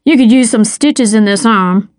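A woman's voice: on the high side, moderate pace, a little mellow, no echo, studio quality, close to an everyday voice. A woman voicing a blunt, matter-of-fact older country doctor.

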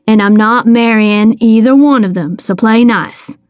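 A woman voicing a stubborn young racing driver who speaks calmly and gives orders. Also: on the high side, a little slow, no room sound, studio quality, close to an everyday voice.

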